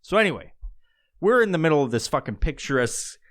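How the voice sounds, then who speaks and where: A man's voice: on the high side, big pitch swings, fast, fairly bright tone. Profane, rambling man telling a story. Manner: profane, rambling, laughs often. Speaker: podcast host. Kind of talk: casual storytelling.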